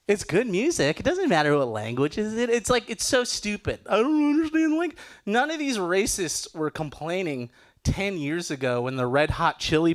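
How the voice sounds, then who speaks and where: A middle-aged man from Los Angeles doing a lively stand-up comedy set at a benefit show. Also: high-pitched, slight background noise. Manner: animated, loud comic impressions of relatives.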